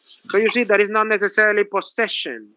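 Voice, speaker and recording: A man's voice: high-pitched, brisk, background noise. A male professor giving a classroom grammar lecture, asking rhetorical questions and repeating himself. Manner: lively, repetitive, rhetorical questions.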